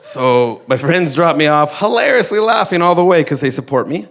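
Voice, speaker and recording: A young man stands at a stage microphone and tells a funny story at a live event. His voice sits a little high. He rambles, starts over and pokes fun at himself as he goes. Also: animated, normal speed, fairly bright tone. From Canada. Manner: rambling, self-mocking, with restarts.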